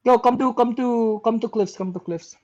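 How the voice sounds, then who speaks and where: A woman's voice: fairly high pitch, normal speed, a little mellow, muffled recording. A young woman calling shots in game voice chat, repeating urgent commands with exasperation. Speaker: shotcaller.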